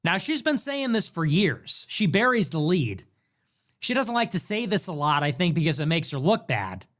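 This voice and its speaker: A man's voice: a little high, very animated, moderate pace, fairly bright tone. A man hosting a commentary show, reacting to clips in a mocking, sarcastic way and repeating phrases back. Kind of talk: political commentary stream.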